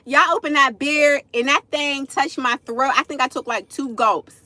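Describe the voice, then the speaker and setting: A forty-year-old woman tells a story on a livestream, chatty and full of asides to her viewers. Her voice sits fairly high and rings bright. The sound is dry and close. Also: normal speed, no room sound. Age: 40s. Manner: chatty, addresses viewers as y'all, frequent asides.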